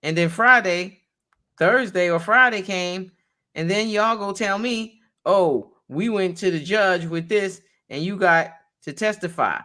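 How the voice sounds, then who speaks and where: With a mid-range voice that sounds pushed and bright, a female attorney reads through a court transcript, announcing every speaker's name ahead of their line and pausing to clarify what it means.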